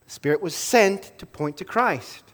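A man preaching a sermon as pastor, earnest, rising to emphatic stress and then dropping low and soft. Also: animated, unhurried.

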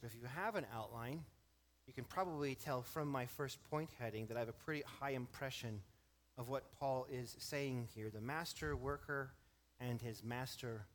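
A man preaching a sermon to his congregation, explaining a Bible verse with emphatic stress and shifting pace. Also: medium pitch. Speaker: pastor.

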